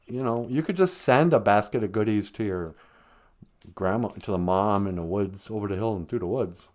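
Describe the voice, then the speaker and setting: A man's voice: on the low side, moderate pace, darkish tone. A man telling a folk tale casually on a live stream, rambling with joking asides and self-corrections. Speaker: storyteller.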